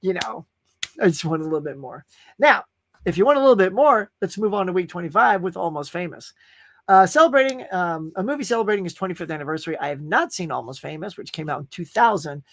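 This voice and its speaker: A man's voice: high voice, lively intonation, fast talker, no room sound. A man hosting a podcast, chatting casually and enthusiastically about movies he watched, with lots of restarts and fillers. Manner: enthusiastic, rambling, many restarts. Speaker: podcast host. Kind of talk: casual movie review chat.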